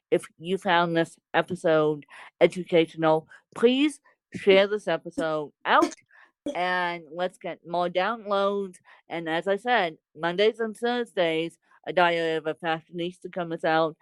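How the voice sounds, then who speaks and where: A woman's voice: sits low, clean tone, no echo, rough recording. A woman hosting a podcast in casual chat, rambling and repeating herself with frequent laughs. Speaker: podcast host.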